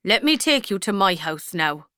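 A woman reading a storybook, voicing a middle-aged male priest who speaks softly and carefully, consoling. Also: medium pitch, big pitch swings, moderate pace, clean tone, dry recording, studio quality. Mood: gentle. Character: gentle middle-aged Irish priest, man.

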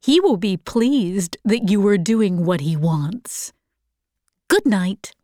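A fussy, meddling aunt, read by a woman scolds slowly and reproachfully. The sound is close and dry, the pace unhurried, in a storybook reading. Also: medium pitch, lively intonation, mellow, no room sound.

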